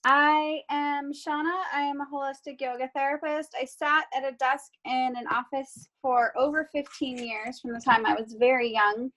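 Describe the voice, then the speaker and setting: A woman with a fairly high voice joins over a video call, speaking earnestly and a little hurriedly as she presents herself. Her delivery stays plain and direct. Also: steady tone, normal speed, hardly any pauses, a bit bright, rough recording. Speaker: yoga therapist, participant. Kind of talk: short spoken pitch on a call.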